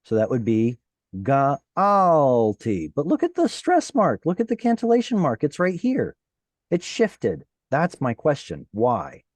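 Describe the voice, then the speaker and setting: Slow, lively-voiced male Hebrew teacher. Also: high voice, husky, no room sound. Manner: patient, questioning students. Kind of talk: online class teaching.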